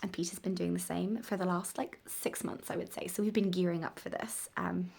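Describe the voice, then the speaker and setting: A woman vlogging straight to her camera, low and husky, her voice slipping into whispers as she talks things through. It has a gravelly, creaky edge, rough with morning voice. She rambles in a candid, unpolished way. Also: fairly even intonation, brisk, darkish tone. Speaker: vlogger and mother of three. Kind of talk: casual personal vlog.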